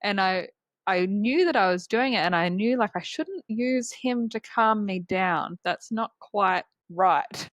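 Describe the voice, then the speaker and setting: A woman's voice: mid-range voice, unhurried, fairly bright tone, dry recording. Woman, podcast host, casual chat, filler words, dry close sound. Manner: chatty, many filler words, laughs easily.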